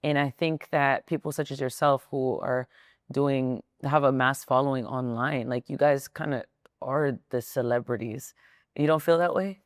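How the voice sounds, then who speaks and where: A woman's voice: rumbling low, steady tone, normal speed, no echo, clean studio sound. A woman hosting a podcast, chatty and giggly, with lots of fillers. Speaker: podcast host. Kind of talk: casual interview chat.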